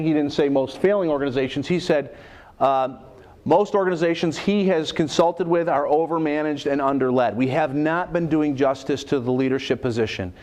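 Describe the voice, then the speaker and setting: A middle-aged man delivers a business lecture to a live room, his voice sitting a little high for a man. He tells stories, acts out the quoted dialogue, and turns to the audience with questions. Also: a little mellow. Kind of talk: lecture with storytelling.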